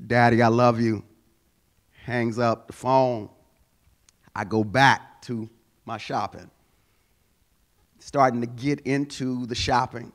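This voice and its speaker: A man's voice: mid-range voice, fairly even intonation, slow pace, pauses often. A male pastor preaching a sermon, telling a personal story and building to emphatic exhortation.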